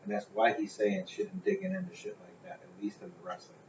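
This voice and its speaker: A man's voice: fairly low pitch, big pitch swings, brisk, darkish tone. A man co-hosting a casual podcast, giving blunt, opinionated takes with plenty of swearing. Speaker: podcast co-host. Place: home garage. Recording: roomy, dull garage sound with faint noise.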